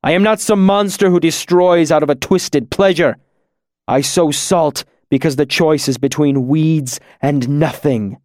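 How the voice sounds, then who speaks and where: Male reader doing a fallen hero crushed by grief: heavy, weary, desperate; slow delivery. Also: on the high side, no room sound, studio quality, voice pushed up, close to an everyday voice. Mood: anguished. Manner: weary and heavy, rising to anguished shouts. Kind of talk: audiobook character voice.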